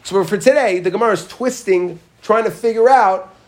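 A man's voice: high voice, moderate pace, slight background noise. A man teaching a Talmud class, walking through the text with questions and repeating Hebrew phrases in a chanting rhythm.

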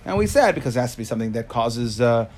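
A man's voice: mid-range voice, sing-song, quick pace, darkish tone. A man teaching a Talmud class to students in a classroom, explaining in bursts and asking rhetorical questions that he answers himself.

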